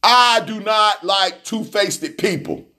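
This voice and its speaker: A man ranting on his radio show with a high-pitched voice. He delivers it with preacherly intensity, repeating lines and breaking into shouts. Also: slow. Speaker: radio host. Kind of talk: fiery radio monologue.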